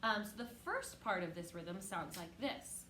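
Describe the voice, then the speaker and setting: A woman's voice: on the low side, very animated, unhurried, a little hiss or hum. Encouraging woman music teacher, echoey room. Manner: patient, encouraging, chanting rhythm syllables loudly. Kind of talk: online music lesson for children.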